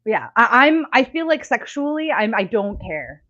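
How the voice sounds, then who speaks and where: A woman co-hosting a podcast, chatting candidly with quick reactions and easy laughter. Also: fairly high pitch, sing-song, sharp tone, lo-fi sound. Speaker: podcast co-host. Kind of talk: casual chat.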